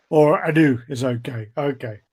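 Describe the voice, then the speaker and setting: A man's voice: mid-range voice, slow, darkish tone, husky. A man co-hosting a casual podcast chat, telling rambling stories and laughing as he talks. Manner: rambling storyteller, laughs a lot. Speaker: podcast co-host.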